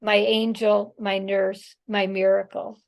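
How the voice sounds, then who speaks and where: A woman author reading her own prose aloud in a measured, expressive way over a video call. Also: mid-range voice, vocal fry.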